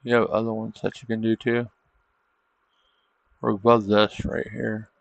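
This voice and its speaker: A man's voice: fairly low pitch, flat delivery, unhurried, vocal fry, dry recording, lo-fi sound. A man hosting a trading livestream, chatting casually over charts and tossing in tag questions like "isn't it?". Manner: loose, chatty, thinking aloud.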